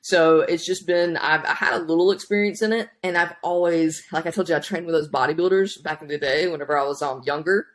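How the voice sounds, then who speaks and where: A woman's voice: low-pitched, brisk, hardly any pauses. A woman in her thirties, a powerlifting coach, telling her story casually in an interview with lots of restarts and asides. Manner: rambling, animated, many restarts. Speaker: podcast guest, powerlifting coach.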